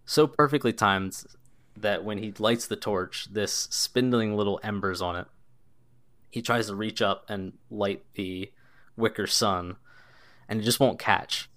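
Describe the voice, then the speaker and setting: A man's voice: fairly low pitch, unhurried, fairly bright tone. A man narrating as game master of a tabletop game, in a loose, descriptive way with lots of casual filler words.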